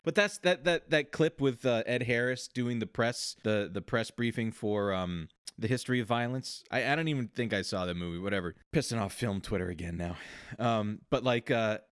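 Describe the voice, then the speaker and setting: A man's voice: mid-range voice, moderate pace, clear, resonant tone, no echo. A man hosting a casual podcast who swears freely and jokes around. He calls his listeners folks. The recording is dry and close. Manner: joking, profane, addresses listeners as folks. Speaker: podcast co-host. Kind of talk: casual chat.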